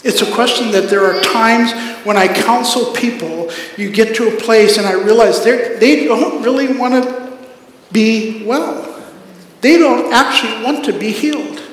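A high-voiced man preaching a sermon. He speaks earnestly, building to emphatic peaks before dropping to a hush. His voice rings through a big, reverberant sanctuary with a long hall tail. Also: unhurried. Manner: earnest preaching, builds to emphatic climaxes then drops soft. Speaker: pastor.

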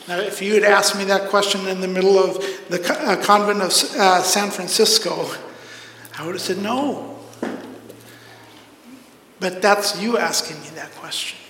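In an echoing hall, a man preaches as pastor with earnest conviction, performing the voices of God and the prophet from the text. His voice is high, bright and forceful, fairly even in intonation, at a moderate pace. There's a faint hiss or hum.

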